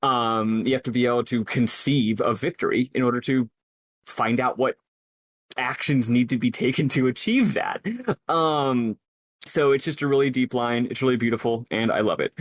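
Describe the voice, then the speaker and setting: A man in a casual podcast discussion, his voice at a middle pitch. He thinks out loud, circling back with frequent fillers and restarts. The sound is dry and close. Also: fairly even intonation, normal speed, no room sound. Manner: thoughtful, rambling with many fillers. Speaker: podcast co-host.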